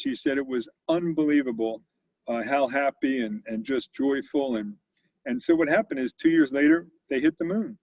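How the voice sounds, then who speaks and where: A man's voice: a little high, darkish tone, dry recording. A man in his sixties, a company CEO, telling stories in a conversational interview, with lots of fillers and restarts. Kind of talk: storytelling in an interview. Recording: dull lo-fi audio.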